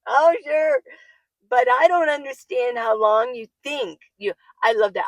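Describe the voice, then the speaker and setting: A woman's voice: fairly high pitch, slow, long pauses, dry recording, rough recording. A woman, older, talking casually to camera and answering viewer comments, chatty and laughing often, sometimes getting worked up. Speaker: van-life vlogger. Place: living in her minivan.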